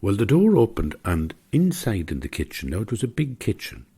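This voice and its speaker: An older Irish man telling a personal story in an unhurried, conversational way, dropping to a whisper for quoted voices. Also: fairly low pitch, huge pitch swings, gravelly, warm tone, slightly rough.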